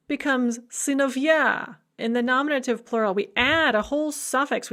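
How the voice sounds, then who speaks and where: A woman giving a recorded grammar lecture, explaining slowly and deliberately, with enthusiastic asides. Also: on the high side, vocal fry, fairly bright tone. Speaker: Russian language lecturer.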